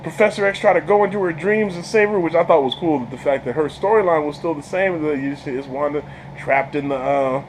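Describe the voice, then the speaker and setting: A man giving a casual movie review, an excitable storyteller who stumbles over repeated words, laughs often and talks in slang. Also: a little high, brisk, a little hiss or hum, low-quality recording. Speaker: channel host reviewing a film.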